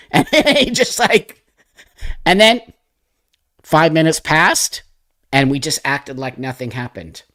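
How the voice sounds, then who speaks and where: A man in his sixties hosts a live stream and pours out a personal story with raw feeling and plenty of swearing. His voice sits a little high for a man. The sound is close and dry, with no room around it. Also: slow, long pauses, no echo. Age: 60s. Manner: emotional, profane, animated retelling with acted-out quotes. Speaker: livestream host. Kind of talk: casual livestream storytelling.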